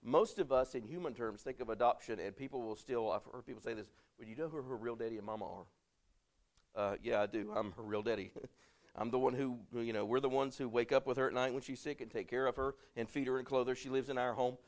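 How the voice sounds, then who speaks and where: A man's voice: mid-range voice, fairly even intonation, fast talker. A middle-aged man, a pastor preaching a conversational sermon and often checking in with "right?".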